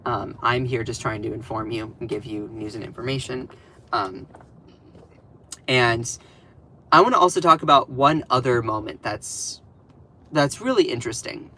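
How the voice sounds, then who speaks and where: A man's voice: mid-range voice, slight background noise. A man hosting a political livestream, chatting casually and sarcastically with his viewers and answering the chat. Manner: sarcastic, animated, talks back to chat.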